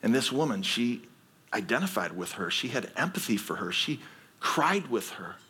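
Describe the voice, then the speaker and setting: Husky, bright-voiced preaching man. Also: mid-range voice, sing-song, normal speed. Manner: earnest storytelling, rising to emphatic exhortation. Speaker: pastor. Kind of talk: sermon.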